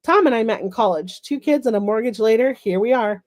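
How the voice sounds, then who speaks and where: A bubbly, forward married woman who chats freely with strangers, read by a woman author. Her lines rise a little higher and louder than the narration. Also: animated, fairly quick, natural voice. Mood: chatty.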